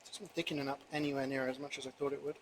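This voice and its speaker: A man's voice: mid-range voice, little pitch movement, racing, a little hiss or hum. A young man telling a rambling story while cooking on a stream, full of fillers. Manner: rambling, filler-heavy, swears casually.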